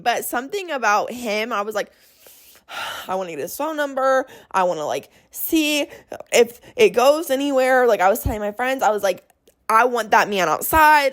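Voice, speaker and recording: A young woman hosting her own podcast, telling a personal story in a chatty, dramatic way and slipping into quoted voices. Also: medium pitch. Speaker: podcast host. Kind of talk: casual storytelling monologue.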